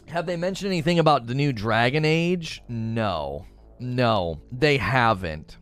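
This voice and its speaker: A man's voice: medium pitch, animated, unhurried, fairly bright tone, faint music behind. A man chatting casually on a livestream, reading chat messages aloud and telling rambling stories. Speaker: streamer.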